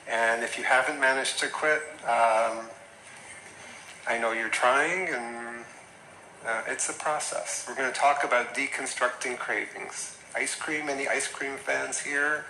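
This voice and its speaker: Bright-voiced man lecturing a class. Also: medium pitch, measured pace, roomy sound, a little hiss or hum, rough recording. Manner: conversational, chatty with asides and mimicked quotes. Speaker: health coaching instructor.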